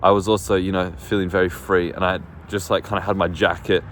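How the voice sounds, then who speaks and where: A man's voice: deep voice, little pitch movement, fairly quick, a bit bright. A man vlogging outdoors on his phone, telling a story in a rambling, casual way, full of fillers and swearing. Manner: rambling, lots of fillers and swearing, laughs often. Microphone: phone on small tripod. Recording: faint street and traffic noise.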